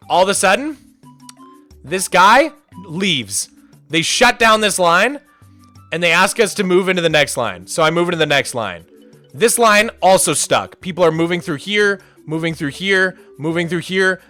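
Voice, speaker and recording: A man rants through a story on his livestream, sarcastic and fired up, his pitch leaping around as he talks. His voice sits high and sounds bright and sharp. Faint music plays quietly behind him. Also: normal speed. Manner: animated, ranting, sarcastic, swings to shouting. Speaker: streamer.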